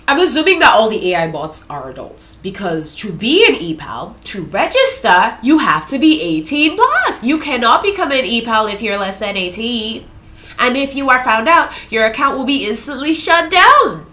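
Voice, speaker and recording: Animated woman doing casual commentary. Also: mid-range voice. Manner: animated, laughing, slangy asides. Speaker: commentary vlogger. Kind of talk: casual commentary, reading chat screenshots.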